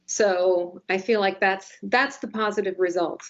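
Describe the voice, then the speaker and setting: Woman, forties, wry self-deprecating podcast storyteller, mid-pitched voice, slightly dull lo-fi sound. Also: steady tone, measured pace. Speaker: newspaper podcast co-host. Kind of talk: casual podcast chat.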